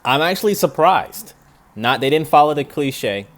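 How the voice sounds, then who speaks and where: A man's voice: a little high, animated, moderate pace. A young man, an animator, chatting casually and rambling as he reacts to a film. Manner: rambling, thinks aloud with restarts.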